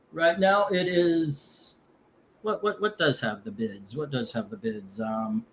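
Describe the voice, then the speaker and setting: A man hosts a loose, chatty comic book auction, his voice sitting a bit on the high side. He rambles and swears between calling out lots and bids. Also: slight background noise. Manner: rambling, cursing, gets heated over politics then calms down. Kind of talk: casual live auction stream.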